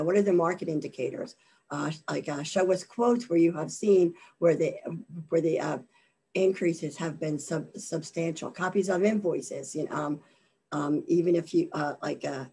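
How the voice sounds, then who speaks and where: Woman, webinar presenter, husky and low, voice worn down by allergies, hesitant delivery. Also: mellow. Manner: halting, many fillers and repeated words. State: losing her voice from allergies. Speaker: government contracting presenter.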